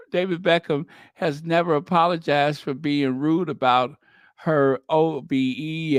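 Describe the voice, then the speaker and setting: A man hosting a commentary channel talks in an unhurried, drawn-out way, teasing and chatty as he reacts to news clips. His voice sits a little high for a man, and it sounds close and dry, with no room around it. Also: smooth, no echo. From United States. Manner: chatty, teasing, laughing asides. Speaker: channel host.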